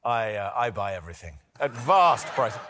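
A man's voice: on the low side, very animated, moderate pace, a bit bright, slight background noise. A British man in his sixties, a talk show guest, speaking in a wry, self-deprecating way. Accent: British English. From Britain.

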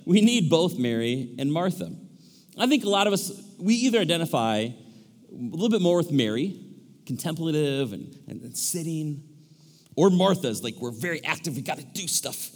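Male pastor, fairly high voice, lively delivery that acts out characters, big church reverb. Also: normal speed. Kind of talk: sermon. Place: large church hall. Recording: echoey church hall.

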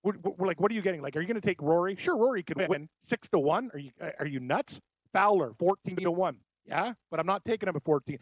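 A man co-hosting a casual sports betting show, an animated storyteller giving his picks. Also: sits high, quick pace, no room sound. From Scotland. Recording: dry, dull lo-fi sound.

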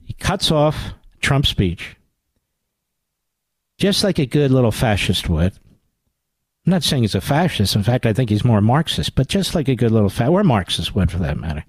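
Animated, combative radio host man. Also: medium pitch, normal speed, husky, dry recording. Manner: sarcastic, indignant, rising to loud rhetorical questions. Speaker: radio talk show host. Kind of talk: combative political commentary.

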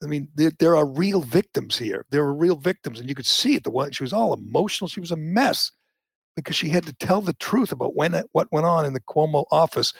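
Gravelly, husky male talk host, indignant, prone to heated outbursts, dry sound. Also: fairly high pitch, lively intonation, fairly quick, dry recording. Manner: indignant, swings to loud outbursts. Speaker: podcast host. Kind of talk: opinionated political talk.

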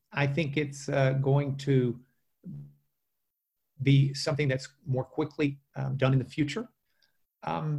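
A man, a trial lawyer, telling animated stories as an interview guest, with many fillers and restarts. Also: mid-range voice, vocal fry. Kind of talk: casual storytelling interview.

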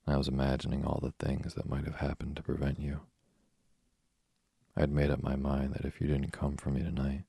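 A man reading aloud as a talkative, imaginative young orphan girl, in his own very deep voice. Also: gravelly, dark tone, breathy edge, no room sound, studio quality, exaggerated voice. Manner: breathless eager chatter. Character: chatty imaginative orphan girl, about eleven.

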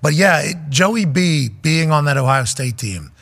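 A man's voice: fairly high pitch, expressive, unhurried, vocal fry, a bit bright. A man co-hosting a sports talk show, rambling and joking in casual chat. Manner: jokey, rambling storyteller. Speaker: co-host.

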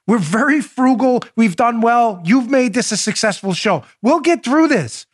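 Podcast host, middle-aged man, New York-raised, higher-pitched voice, sarcastic and indignant ranting with quiet confiding asides. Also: animated. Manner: indignant, sarcastic, rapid rhetorical questions; swings to soft, confiding asides. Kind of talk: heated political commentary.

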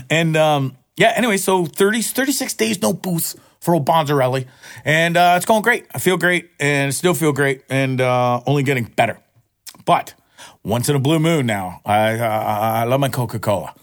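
A man in an off-the-cuff rant that rambles and doubles back on its words. He swears freely, and his voice jumps upward whenever he gets worked up. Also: moderate pace. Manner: excitable, jumps up in pitch when worked up. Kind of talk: casual profane rant to camera.

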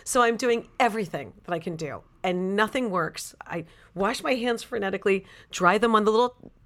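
A woman in an interview, an actress telling a personal anecdote in a casual, animated way, full of "like" and "you know". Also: medium pitch, moderate pace. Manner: animated and chatty, many "like" and "you know" fillers. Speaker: actress and author, interview guest.

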